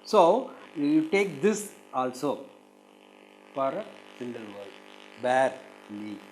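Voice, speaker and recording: Man, Indian English accent, teacher, slightly high voice, repeats words slowly, punches stressed syllables, faint hum behind. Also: big pitch swings, a little mellow, rough recording. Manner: drills words by repeating them several times, stressing syllables. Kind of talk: recorded exam-prep lesson.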